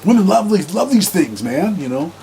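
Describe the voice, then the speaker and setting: A man's voice: sits high, very animated, normal speed, dark tone, a little hiss or hum, voice pushed up. A man voicing a brash male cop who brags about his fancy shoes, with "you know" in every other phrase. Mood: boastful. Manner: boastful, peppered with "you know".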